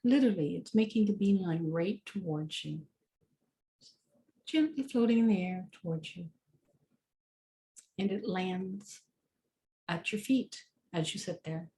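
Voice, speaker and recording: A woman's voice: lowish voice, a little slow, long pauses, mellow. A woman leading a guided meditation in a casual, chatty way with many fillers.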